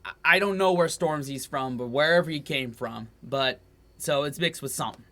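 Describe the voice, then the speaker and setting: Bright-voiced, eager American man. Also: a little high, moderate pace. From United States. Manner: eager, with hesitant fillers. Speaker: co-host of a reaction channel. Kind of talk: casual reaction chat.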